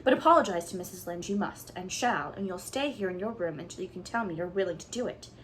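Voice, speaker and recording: A woman's voice: lowish voice, fast talker, fairly bright tone, a little hiss or hum, lightly acted. A woman reading aloud voices a stern middle-aged spinster who scolds in a dry, firm way.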